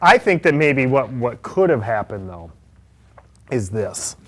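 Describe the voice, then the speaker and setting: Animated comedic male co-host. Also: medium pitch, unhurried. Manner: animated, riffing jokes with silly put-on voices. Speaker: podcast co-host. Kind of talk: comedic casual chat.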